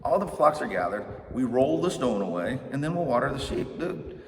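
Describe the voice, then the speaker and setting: A middle-aged male pastor tells a scripture story with an easy, joking conversational delivery. He is heard from a distance in a church hall with a long echo. Steady background noise sits under his voice. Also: mid-range voice, normal speed. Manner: joking, conversational, acts out characters' lines. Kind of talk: casual storytelling sermon. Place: church sanctuary.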